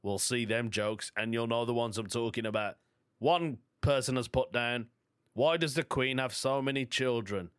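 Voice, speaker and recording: Hosting a solo comedy podcast, a man with a Birmingham accent reads jokes aloud and laughs at them in a chatty, self-amused way. His mid-range voice is a bit bright and smooth, with fairly even intonation and a moderate pace, recorded dry with clean studio sound.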